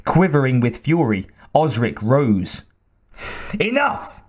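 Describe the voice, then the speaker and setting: A man narrating an audiobook in a measured, deliberate reading style. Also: medium pitch, a little mellow. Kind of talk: scripted narration.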